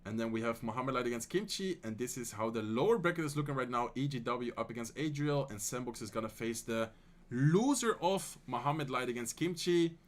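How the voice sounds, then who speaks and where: Dutch man calling a game match live. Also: mid-range voice. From Netherlands. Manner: excited fast play-by-play calls that give way to relaxed, soft chat replies. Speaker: streamer and tournament caster. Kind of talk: live-stream esports commentary and chat reading.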